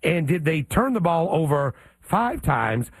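A man's voice: a little high, very animated, measured pace, no echo. A man co-hosting a sports talk radio show, firing off pointed rhetorical questions.

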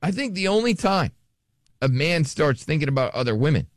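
A man's voice: on the high side, sing-song, brisk, dry recording, studio quality. A man hosting a radio show, chatting casually and joking, often trailing off and restarting. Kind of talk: casual chat.

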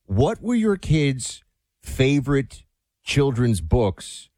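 A man's voice: mid-range voice, sing-song, slow, warm tone, dry recording, studio quality. A man co-hosting a talk show, playful and sentimental in a casual, chatty way. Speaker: co-host.

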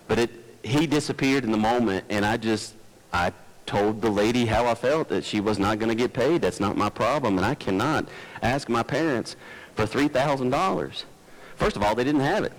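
A man's voice: medium pitch, lively intonation, moderate pace, rough recording. Man preaching an earnest sermon. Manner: earnest preaching, rising emphatic peaks, folksy asides. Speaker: pastor.

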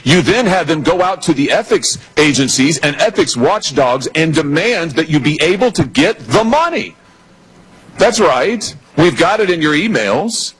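A man's voice: fairly high pitch, animated, normal speed, a bit bright, husky, rough recording. Accusatory man pressing a witness. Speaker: senator questioning a witness. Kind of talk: hearing interrogation.

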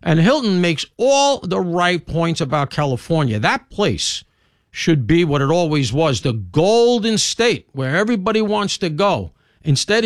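A man's voice: fairly high pitch, vocal fry, no echo, clean studio sound. A man hosting a talk show, delivering a rambling, opinionated monologue full of asides and emphatic jabs.

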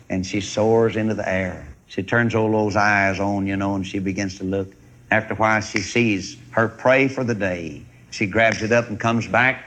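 A man preaching a sermon, telling a folksy story in a husky voice. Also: lowish voice, fairly bright tone.

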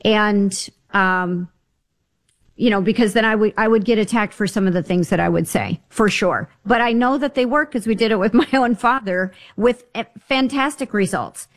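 A woman talks in a relaxed, chatty way on a talk show. She tells stories with emphasis and often puts in asides. Her pitch sits in the middle range. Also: moderate pace. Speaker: guest health advisor. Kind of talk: casual radio talk.

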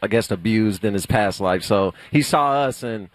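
A man's voice: fairly low pitch, normal speed, poor audio. A male guest on a radio show, telling stories casually with lots of "like" fillers. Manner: relaxed storytelling, many "like" fillers. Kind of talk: casual conversation.

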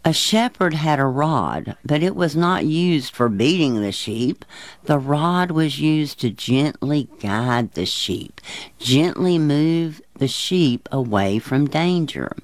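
Male devotional teacher, unhurried and soothing, earnest tone, dry close sound. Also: fairly high pitch, expressive, no room sound. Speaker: Bible teacher. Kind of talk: gentle devotional talk for children.

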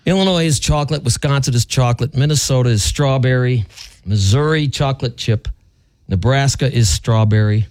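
A man's voice: mid-range voice, normal speed, darkish tone, no room sound. A man hosting a radio show, quizzing his co-hosts in a playful, teasing way. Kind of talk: casual radio banter. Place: radio studio.

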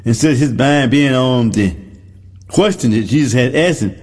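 A man's voice: medium pitch, moderate pace, a little mellow. A man preaching a sermon, retelling a story in a folksy way and repeating phrases for emphasis. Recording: long hall reverb.

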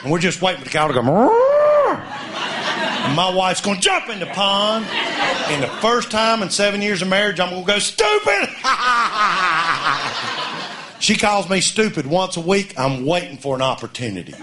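A middle-aged man from Mississippi, telling a folksy comic story on stage and shouting his punchlines. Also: sits high, big pitch swings, moderate pace, over a noisy crowd, heavy background noise. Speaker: comedian. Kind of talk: storytelling stand-up.

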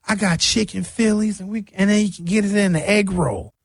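Cocky restaurant guy, higher pitched, a man doing the voice, dry sound. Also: fairly even intonation, fairly quick, breathy edge, no room sound. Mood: boastful. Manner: boastful, proud. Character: boastful male restaurant owner.

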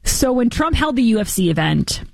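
A woman's voice: on the high side, sing-song, fairly quick, gravelly, darkish tone, no echo. A woman hosting an opinionated political commentary show, sarcastic and mocking, slipping into impressions of the people she criticizes.

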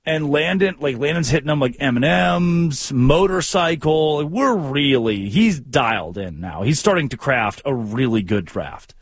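A man hosting a sports talk show, telling stories in animated, jokey, rambling banter. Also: medium pitch, a little slow, few pauses, slightly rough, no echo. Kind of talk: casual comedic radio banter.

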